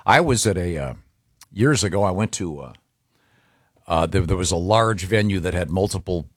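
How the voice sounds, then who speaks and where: Male radio host, very deep voice, halting, rambling storyteller, dry close mic. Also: lively intonation, no echo. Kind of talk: casual radio chat.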